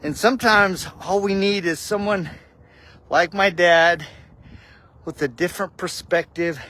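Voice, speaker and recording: Bright, high-voiced man telling a story. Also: unhurried. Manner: casual, says "dude" often, heartfelt. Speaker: vlogger. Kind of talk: personal storytelling with a faith reflection.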